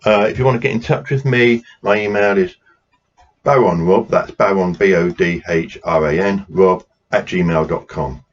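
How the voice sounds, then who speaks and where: A man's voice: deep voice, normal speed. A man running a drumming workshop, patiently explaining rhythms and counting beats aloud while he plays. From England. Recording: dull lo-fi sound with noise.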